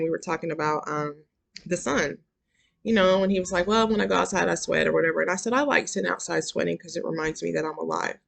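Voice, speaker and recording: A woman's voice: fairly low pitch, creaky, fairly bright tone. A woman giving a candid, confessional motivational talk as an intuitive card reader and self-love coach. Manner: candid and confessional, growing emphatic.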